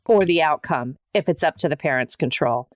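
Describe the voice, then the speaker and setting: A woman's voice: low-pitched, lively intonation, fairly quick, no room sound, clean studio sound. A woman co-hosting a podcast, setting up everyday scenarios and prompting her partner with questions. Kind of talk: podcast conversation.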